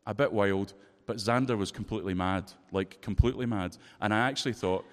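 A man with a Scottish accent preaching a sermon, telling a personal story in a lively, expressive way. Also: lowish voice, brisk. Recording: long reverb of a large hall.

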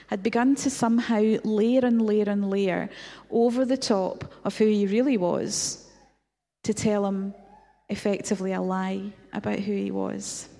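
A woman's voice: mid-range voice, fairly even intonation, unhurried, creaky, dark tone. A woman preaching a reflective sermon, retelling a story with rhetorical questions. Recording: long hall reverb.

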